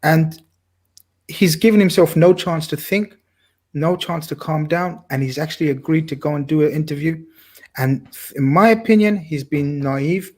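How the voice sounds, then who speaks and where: A man's voice: fairly high pitch, a little mellow. A man talking football on a casual podcast, talkative and blunt, swearing casually. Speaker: podcast co-host.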